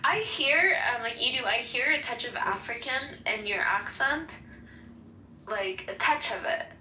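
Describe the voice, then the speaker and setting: A woman's voice: a little high, lively intonation, unhurried, pushed and bright, a little hiss or hum. A woman chatting casually, rambling and filling her speech with "like" and "um". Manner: rambling, many fillers like "like" and "um". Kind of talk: casual group chat. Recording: roomy, distant mic.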